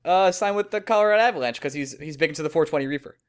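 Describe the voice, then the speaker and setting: A man hosting a casual podcast, excitable and joking, with quick outbursts. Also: on the high side. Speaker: podcast host.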